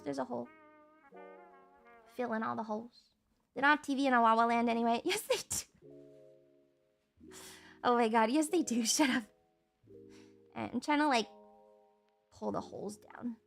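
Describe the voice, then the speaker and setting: A young woman streaming and chatting casually while crafting, animated and giggly, swearing casually. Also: high-pitched, gravelly. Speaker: VTuber streamer.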